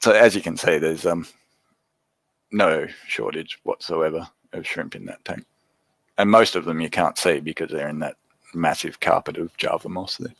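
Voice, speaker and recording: A man's voice: deep voice, steady tone, normal speed, gravelly, a bit bright, dry recording, rough recording. A man with an Australian accent hosting a casual livestream, chatting easily and answering viewer comments as he goes. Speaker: livestream host.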